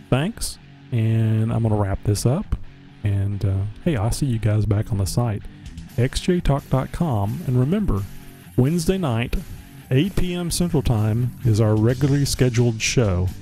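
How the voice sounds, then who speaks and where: A man's voice: medium pitch, dark tone. Rambling casual male show host. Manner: rambling, repeats and restarts words. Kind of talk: casual livestream chat.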